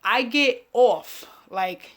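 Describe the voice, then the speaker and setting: A woman's voice: a little high, lively intonation, very slow, a bit bright. A young woman hosting a casual live stream, chatting with viewers, laughing often and swearing freely. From Caribbean family, raised speaking Spanish. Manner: profane, laughing, talks to viewers. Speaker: host of a live online show.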